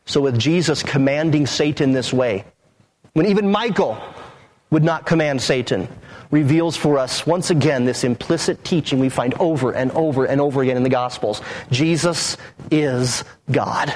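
A male pastor preaching a sermon emphatically, slowing and dropping low on key phrases, with occasional restarts. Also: a little mellow. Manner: emphatic, with dramatic drops in pitch and occasional restarts.

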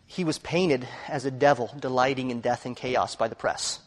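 A man preaching a sermon, telling a story earnestly and rising to loud emphasis. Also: mid-range voice, normal speed, big-room sound.

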